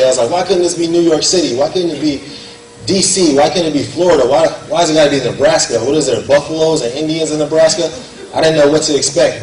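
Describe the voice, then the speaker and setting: A young man giving an earnest, conversational storytelling speech at a gala in a banquet hall. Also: medium pitch. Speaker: guest speaker. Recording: echoey hall heard from far off, faint room noise.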